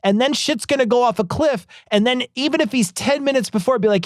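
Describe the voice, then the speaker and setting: A man's voice: very high voice, no room sound, clean studio sound. A man co-hosting a podcast, talking casually and profanely about politics with a rambling, mocking manner. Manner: profane, rambling, quick to mock. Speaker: podcast co-host.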